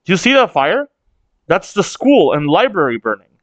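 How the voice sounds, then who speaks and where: A man's voice: high-pitched, very animated, normal speed, no room sound, low-quality recording. Man rambling through a manga read-along. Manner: rambling, restarts, swears casually. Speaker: manga reaction host. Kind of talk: casual read-along commentary.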